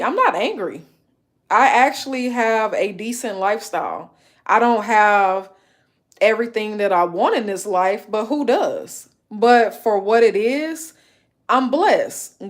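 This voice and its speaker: A woman in her late thirties talking straight to her live-stream audience, blunt and emphatic, stacking up repeated lists to drive home her point. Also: fairly high pitch. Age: 30s. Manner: blunt, emphatic, repetitive listing. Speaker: livestreamer. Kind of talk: casual live-stream rant.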